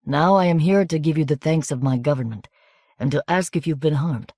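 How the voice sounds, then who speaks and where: A woman doing a smooth, courteous officer. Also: deep voice, a little fast, mellow, dry recording, studio quality. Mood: polite probing. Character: tall soldier officer, smooth, polite, probing.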